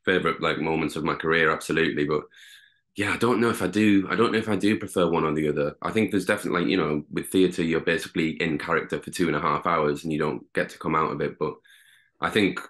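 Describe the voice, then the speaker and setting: A young man from the north of England, talking as an interview guest. His low voice carries a bright, forceful edge. He rambles loosely, full of fillers and restarted sentences. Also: fairly even intonation, quick pace. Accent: Northern English. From Durham, England. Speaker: guest actor. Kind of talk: casual interview.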